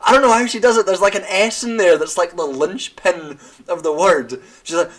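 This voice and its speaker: A young man, drinking wine while ranting about a TV show in a profane, animated way, laughing and tripping over his words. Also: high-pitched, moderate pace, hardly any pauses. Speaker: vlogger. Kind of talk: casual rant.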